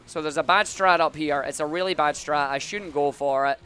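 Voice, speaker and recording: A man's voice: a little high, brisk, pushed and bright, clear, resonant tone, faint music behind. Give me a man narrating his own speedrun live, calling every jump and dash. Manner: upbeat, talks through each move as he plays.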